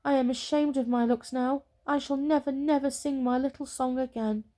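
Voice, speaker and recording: Boastful fir tree, grumbles and frets, soft-voiced by a woman, whispered role-play, higher voice. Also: fairly even intonation, moderate pace, lightly acted. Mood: sorrowful. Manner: grumbling, self-pitying. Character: proud boastful fir tree, later humbled.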